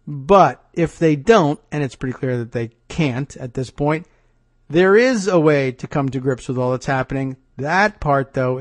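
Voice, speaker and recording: A man hosting a political talk show, delivering an animated, sarcastic and exasperated commentary monologue. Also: a little high, no echo, studio quality.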